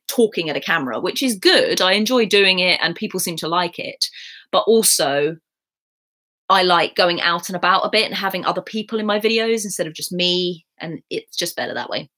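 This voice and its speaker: A young English woman with a received pronunciation accent chats on a livestream, reading and answering viewer comments. Her voice sits a little low for a woman. She rambles along with plenty of fillers. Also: fairly bright tone. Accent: southern English received pronunciation. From England. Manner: chatty, rambling, lots of fillers. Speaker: YouTuber.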